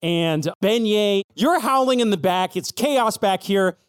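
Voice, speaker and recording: A man narrating a tabletop role-playing game as game master, telling the scene in a lively, animated way. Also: high-pitched, measured pace, clean tone, no room sound, studio quality.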